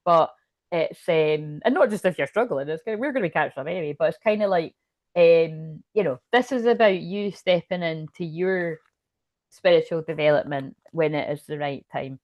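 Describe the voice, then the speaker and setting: A woman's voice: low-pitched, normal speed, dry recording, highs cut off. Chatty, rambling woman tarot reader. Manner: rambling, self-interrupting, chatty with frequent laughs. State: hiccuping. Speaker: psychic tarot reader and medium. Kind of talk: casual live tarot reading.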